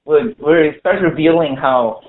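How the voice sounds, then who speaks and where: A man's voice: a little high, normal speed. A man preaching a casual sermon to a small group, talking conversationally with many fillers and restarts. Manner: conversational, full of "you know" fillers and restarts. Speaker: pastor. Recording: tinny phone-like lo-fi recording.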